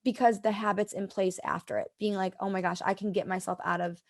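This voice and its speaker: In a casual interview chat, a podcast guest in her twenties speaks with a mid-range, fairly evenly intoned voice at a brisk pace. She's chatty, packs her speech with "like", and voices her own thoughts in quotes.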